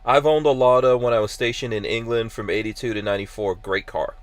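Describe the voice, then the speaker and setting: A man hosting a podcast, chatting loosely and reading listener comments aloud. His voice sits at an ordinary middle pitch and sounds close and dry, with no room around it. He talks haltingly, full of ums and restarts. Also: steady tone, no room sound. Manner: halting, many fillers and restarts. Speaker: podcast host. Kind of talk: casual chat, reading live chat comments.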